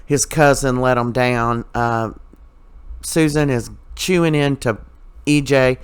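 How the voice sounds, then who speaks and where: A man's voice: mid-range voice, steady tone, slow, smooth, no echo. A man with a mid-range voice recaps the day's soap opera episode in a casual, chatty way. He fills his speech with "you know" and "uh" and drops in his opinions as he goes. The tone is conversational, like a regular catching his viewers up.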